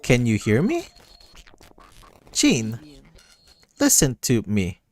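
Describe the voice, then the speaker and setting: Man voicing a glitching robotic ai, slow and stuttering, pleading, storybook game read aloud, faint music behind. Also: mid-range voice, huge pitch swings, darkish tone. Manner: halting, stuttering repeats. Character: frightened glitching AI program, pleading and gentle. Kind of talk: reading a visual novel aloud.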